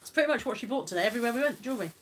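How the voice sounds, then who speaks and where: A woman's voice: on the high side, lively intonation, racing, a little hiss or hum. A British woman hosting a casual live stream, chatting, laughing and reading out viewer comments. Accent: British English.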